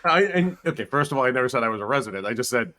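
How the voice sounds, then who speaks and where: A man co-hosting a podcast, telling stories in an animated, casual way and laughing often as he cuts in on his partner. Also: mid-range voice, very fast. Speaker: podcast co-host. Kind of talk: casual storytelling chat.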